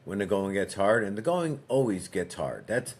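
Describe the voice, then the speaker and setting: A man, a podcast guest and fitness coach, telling a story in a relaxed, conversational way and acting out dialogue as he goes. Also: lowish voice, moderate pace, slightly rough. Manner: frequent fillers and restarts.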